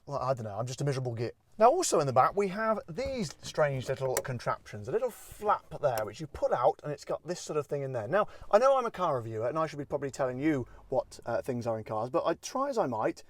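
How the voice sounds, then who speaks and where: A man's voice: mid-range voice, big pitch swings, fast, few pauses. A man hosting a casual car walkaround review, rambling with jokey, self-deprecating asides. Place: in and around a parked car.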